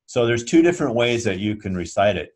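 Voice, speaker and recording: A man with a fairly low voice leads a yoga class over a video call. He explains each step patiently and keeps checking that his students are following along. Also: animated, a little fast, darkish tone. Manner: patient, checks understanding often. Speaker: yoga teacher. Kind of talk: instructional class talk.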